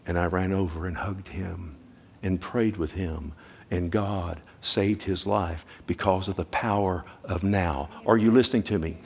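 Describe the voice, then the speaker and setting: Gravelly preaching man, low and urgent. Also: steady tone, a little slow, darkish tone. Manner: preaching with rising urgency, repeated phrases, direct questions to the congregation. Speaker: pastor. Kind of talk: sermon.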